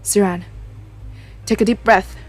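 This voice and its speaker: A woman reading aloud the lines of a calm, level-headed young traveler in a game, explaining things steadily. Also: medium pitch, a little slow, close to an everyday voice.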